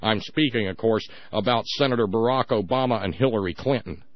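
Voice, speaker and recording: A man's voice: lowish voice, brisk, dry recording, lo-fi sound. A man hosting a radio talk show, giving sarcastic, emphatic commentary with frequent restarts.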